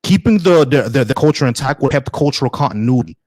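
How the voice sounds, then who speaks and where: Blunt guy hosting a call-in debate, keeps restarting words, dry mic, normal pitch. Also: expressive, a little mellow, dry recording. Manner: blunt, repeats himself, halting restarts. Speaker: debate stream host.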